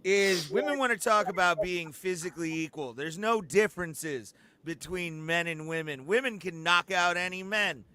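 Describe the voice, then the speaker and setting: A man co-hosting a podcast, talking in loud, joking casual banter. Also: high-pitched, moderate pace, hardly any pauses. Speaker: podcast co-host. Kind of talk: casual chat.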